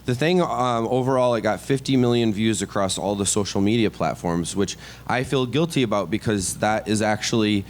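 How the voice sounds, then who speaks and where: Animated middle-aged comedian telling a story. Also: male voice, lowish voice, slight background noise. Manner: animated, self-deprecating, quick asides and restarts. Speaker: comedian guest. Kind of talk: casual podcast storytelling.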